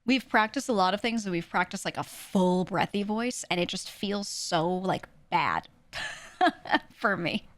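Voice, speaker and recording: A woman streamer chatting casually with her viewers, talking quickly and lightly projecting her voice for the mic. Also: mid-range voice, dry recording. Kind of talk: casual chat answering a livestream chat.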